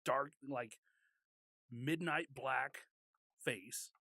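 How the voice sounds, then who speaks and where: A man's voice: mid-range voice, very slow, gravelly, bright, forceful tone, no echo. A man co-hosting a casual podcast chat, joking and laughing often. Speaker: podcast co-host.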